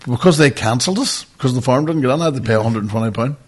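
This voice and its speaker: A man on a podcast, spinning an animated anecdote full of swearing and laughter. His voice sits at a middle pitch, and he talks like a regular co-host in loose, casual chat. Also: very fast.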